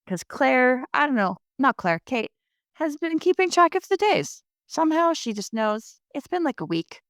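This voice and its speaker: A woman with a New Jersey accent hosting a podcast, recapping an episode in a chatty, sarcastic way with animated asides. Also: high voice, moderate pace, no echo, clean studio sound. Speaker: podcast host. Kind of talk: casual episode recap chat.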